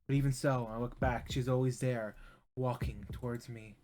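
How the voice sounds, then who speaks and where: A man's voice: medium pitch, steady tone, moderate pace, a little mellow, slight background noise. Man dramatically reading a visual novel. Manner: dramatic reading that breaks off into rambling asides. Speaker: VTuber streamer.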